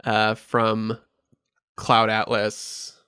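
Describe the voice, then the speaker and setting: A man's voice: lowish voice, completely flat delivery, extremely slow, sharp tone, clean tone, no room sound, studio quality. A man co-hosting a podcast in casual chat, laughing often and reading out facts. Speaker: podcast co-host.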